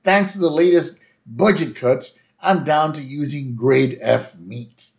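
A man voicing a gruff middle-aged school lunch lady in a brusque, snapping way. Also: fairly high pitch, takes it slowly. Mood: irritated. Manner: brusque, snapping back at her boss.

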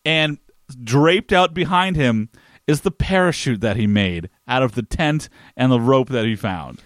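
A man co-hosting a podcast, casually retelling an episode scene by scene in a wry, deadpan way. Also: mid-range voice, measured pace, dry recording. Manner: wry, play-by-play storyteller. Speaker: podcast co-host. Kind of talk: casual recap chat.

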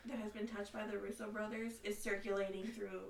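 A woman's voice: mid-range voice, level tone, brisk, vocal fry. A woman co-hosting a podcast, chatty and giggly in casual talk. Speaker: podcast co-host. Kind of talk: casual chat. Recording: echoey room with loud crowd noise.

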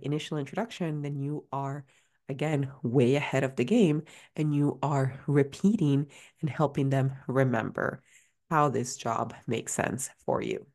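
A woman with a low, grounded voice talks through career advice as a podcast host. She speaks casually, circling back with fillers and small restarts as she thinks aloud. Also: darkish tone. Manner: chatty, many fillers and restarts. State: out of breath at times.

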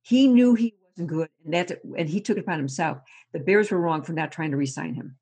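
A woman sports reporter chatting casually and telling animated stories, laughing often and repeating words as she goes. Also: deep voice, brisk, breathy edge.

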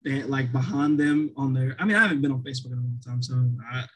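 A man's voice: medium pitch, fairly even intonation, fast talker, a bit bright, husky, rough recording. A man co-hosting a podcast in casual chat, rambling with many restarts and fillers.

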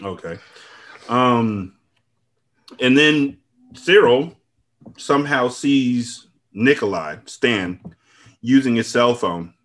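A man's voice: mid-range voice, expressive, a bit bright. Male podcast host, mid-range voice, loose, profane storyteller recapping episodes. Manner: profane, laid-back storytelling with quick asides.

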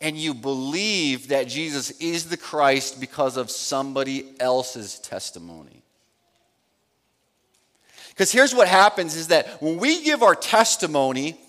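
A male pastor delivers a sermon at an unhurried, deliberate pace, pressing his listeners with question after question. His voice sits somewhat high for a man. The sound rings with the long reverb of a large hall. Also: big pitch swings, bright, forceful tone. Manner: slow, emphatic preaching with rhetorical questions.

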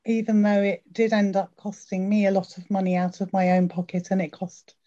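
A woman's voice: mid-range voice, flat delivery, a little fast, warm tone. A woman being interviewed as a podcast guest, answering modestly and carefully with some hesitation. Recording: dull lo-fi sound.

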